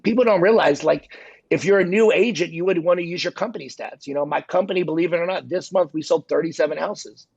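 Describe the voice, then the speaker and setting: A man with a husky, gravelly voice pitched a little high tells sales stories in a relaxed, chatty way, leaning on "you know" as he goes. The dull, lo-fi podcast recording sounds close and dry. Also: fast talker, no echo. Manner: peppers speech with "you know". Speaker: real estate sales guest. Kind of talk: conversational storytelling.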